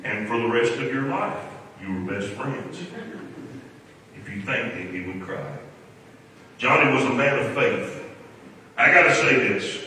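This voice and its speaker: A man's voice: medium pitch, expressive, measured pace, long pauses, pushed and bright, slight background noise. A man giving a funeral eulogy in a folksy, humorous storytelling way. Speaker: eulogy speaker. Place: large church hall. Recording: echoey hall from far off.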